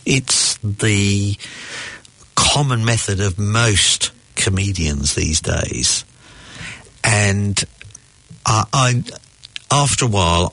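Man, very deep gravelly voice, husky, slow deliberate talk, dry close sound. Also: a bit bright, dry recording. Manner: slow, deliberate joke telling with voiced characters. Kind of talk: casual debate about comedy.

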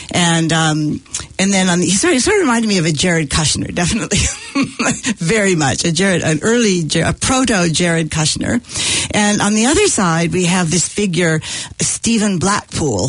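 Husky man chatting about books. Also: on the high side, no echo. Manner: hesitant, many ums, laughs often. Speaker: guest reading from a novel. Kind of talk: casual literary chat.

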